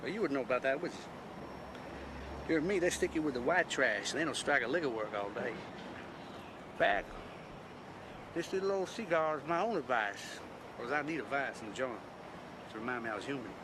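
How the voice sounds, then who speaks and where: A menacing ex-convict played by a man drawls in a put-on Southern accent, taunting and slow. He is heard in a film clip outside on a busy street, with traffic plainly audible behind him. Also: medium pitch, animated, natural voice. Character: menacing middle-aged male ex-convict, taunting.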